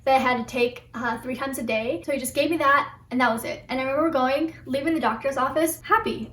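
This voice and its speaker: A young woman in her twenties with a fairly high voice tells a personal story casually and chattily. She speaks a little way off from the mic in a room with noticeable echo. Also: fast, few pauses, fairly bright tone, a little hiss or hum. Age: 20s. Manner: chatty, acts out remembered dialogue. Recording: roomy, from a distance.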